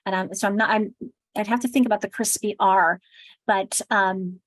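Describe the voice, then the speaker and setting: Crisply enunciating American woman presenter. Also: mid-range voice, normal speed, dry recording, poor audio. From United States. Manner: lively, demonstrative, models sounds aloud. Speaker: teacher trainer. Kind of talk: workshop presentation.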